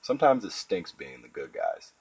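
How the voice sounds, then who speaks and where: A man's voice: deep voice, huge pitch swings, moderate pace, vocal fry, a little mellow, husky, exaggerated voice. A man reading the part of a bossy, matter-of-fact schoolgirl. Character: bossy know-it-all schoolgirl.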